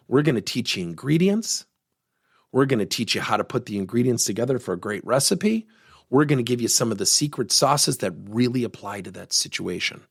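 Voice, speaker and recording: A middle-aged man hosting a coaching podcast, telling a work story in an animated, personal way. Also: mid-range voice, gravelly, husky, no echo, studio quality. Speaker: podcast host and workplace coach. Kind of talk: podcast monologue.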